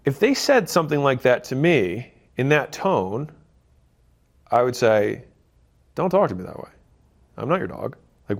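A man talking straight to camera in a self-help video, blunt and emphatic, with occasional swearing, acting out conversations with relatives. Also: medium pitch. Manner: blunt and emphatic, swears, acts out quoted dialogue. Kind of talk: direct-to-camera motivational talk.

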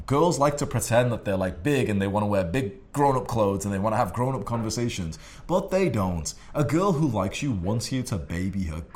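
Young guy ranting dating advice, crude and condescending, tons of swearing, voice swings up and down a lot. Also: lowish voice. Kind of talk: profane advice monologue.

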